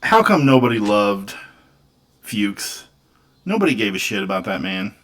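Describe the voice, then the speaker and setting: A man with a bright, forceful tone co-hosts a casual movie chat. His pitch swings widely as he talks, and he laughs easily and speaks candidly. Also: big pitch swings, measured pace. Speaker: podcast co-host.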